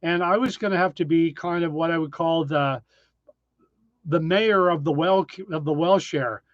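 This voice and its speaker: A man hosting a relaxed live stream, talking through viewer comments with frequent ums and uhs. His voice sits slightly high, and the sound is dry and a little dull, like home stream audio. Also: moderate pace, no echo. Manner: chatty, reads viewer names, frequent ums. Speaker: live-stream host reading chat. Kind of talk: casual live-stream chat. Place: tiny desert cabin, indoors.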